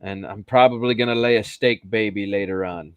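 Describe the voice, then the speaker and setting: A man's voice: fairly low pitch, fairly even intonation, brisk, clean tone, no room sound, highs cut off. A man from Michigan hosting a live stream in casual, crude, joking chat.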